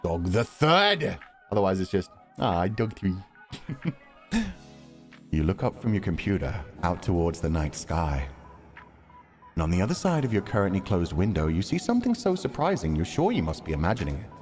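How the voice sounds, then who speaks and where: A man's voice: low-pitched, big pitch swings, dark tone, faint music behind. Joking, rambling young man streamer. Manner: joking, rambling, quick to laugh. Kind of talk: casual game commentary.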